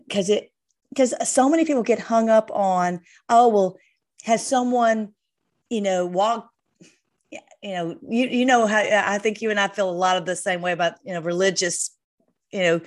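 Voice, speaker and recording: This is a woman's voice at a middle pitch in relaxed conversation about faith. She speaks haltingly, with frequent fillers, restarts and trailing phrases. The tone is informal and conversational throughout.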